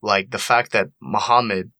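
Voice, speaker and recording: A young man with a fairly low voice that still sounds bright and forward. He speaks earnestly and with emotion, repeating phrases to drive his point home. The recording is close and dry. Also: fairly even intonation, normal speed, dry recording. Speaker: actor and panelist. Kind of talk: personal storytelling on a panel.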